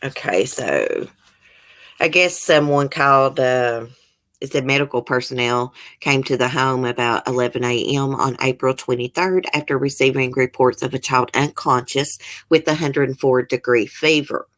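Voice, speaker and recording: A woman's voice: a bass voice, moderate pace, a bit bright. A woman hosts a casual true-crime chat. She reads news aloud, breaks off with blunt remarks and gets openly emotional. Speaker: channel host.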